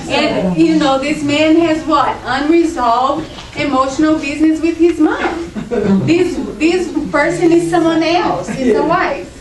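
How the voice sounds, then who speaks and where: A woman's voice: high voice, a little slow, crowd noise. A middle-aged woman giving an informal talk to a group, conversational and explaining through acted examples. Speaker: speaker at a spiritist group. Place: meeting room. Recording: roomy echo, distant mic.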